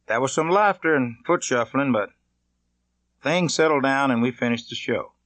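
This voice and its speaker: A man from Mississippi, reading his own memoir in a plainspoken, measured, conversational way. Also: mid-range voice, fairly bright tone, no echo. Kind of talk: audiobook narration.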